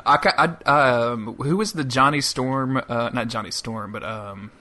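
A man's voice: mid-range voice, unhurried, bright, forceful tone. A man in casual chat about a cartoon show, joking wryly and laughing often.

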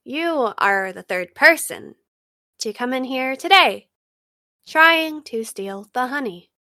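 A woman's voice: sits high, lively intonation, takes it slowly, pushed and bright, no echo, clean studio sound, full character voice. A woman voicing a smug, all-knowing female supercomputer that talks in a cheery, playful, teasing way. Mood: suspicious.

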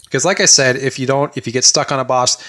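A man talking in an excited, rambling way, chatting casually as a co-host of a gaming talk show. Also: mid-range voice. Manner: excited, rambling, quick bursts. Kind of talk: casual chat.

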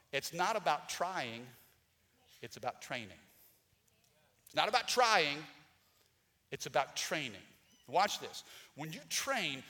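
A man's voice: a little high, pushed and bright, long reverb tail. A man preaching a Sunday sermon as pastor, calling for responses from the congregation and rising to emphatic peaks. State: out of breath. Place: church sanctuary.

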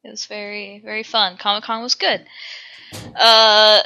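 A woman's voice: mid-range voice, flat delivery, measured pace, bright, forceful tone, smooth, lo-fi sound. A young woman co-hosting a podcast, telling a story in casual chat, laughing often, swearing and acting out what people said. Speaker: podcast co-host.

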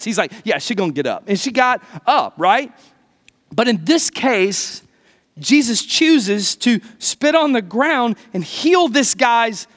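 Animated high-voiced male preacher. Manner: conversational, animated, jokey asides to the congregation. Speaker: pastor. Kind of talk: sermon.

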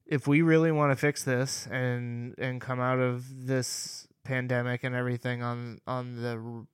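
Smooth-voiced man on a dry mic. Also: medium pitch, little pitch movement, unhurried, no room sound. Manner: joking, laughs often, trails off with fillers. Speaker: podcast co-host. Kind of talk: casual chat.

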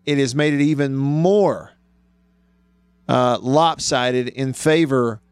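A man's voice: mid-range voice, no echo. A man hosting a sports talk radio show, arguing his points emphatically and thinking aloud as he goes. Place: radio studio.

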